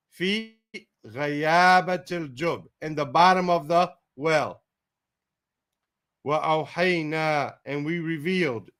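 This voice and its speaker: A man leads a word-by-word Quran translation lesson at an unhurried pace. His voice sits a little high, and he repeats each Arabic term before glossing it in English. He muses aloud in tentative asides. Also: a bit bright, clear, resonant tone.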